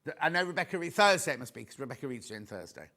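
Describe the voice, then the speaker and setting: A man presenting on a TV shopping channel, chatting excitedly and tossing quick asides to viewers and crew. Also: mid-range voice. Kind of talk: live TV selling chat.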